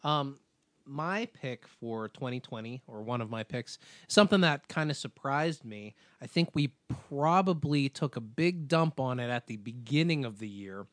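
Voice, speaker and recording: A man co-hosting a podcast, chatting in a relaxed, laid-back way. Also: mid-range voice, normal speed, no room sound. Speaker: podcast co-host. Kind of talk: casual chat.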